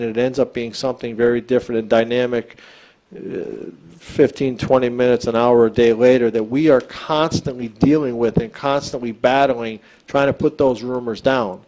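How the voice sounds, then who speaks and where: Earnest American man addressing a school board, mellow voice. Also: medium pitch, low-quality recording. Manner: earnest, repeats words and restarts, emphatic. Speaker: school superintendent. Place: school board meeting room.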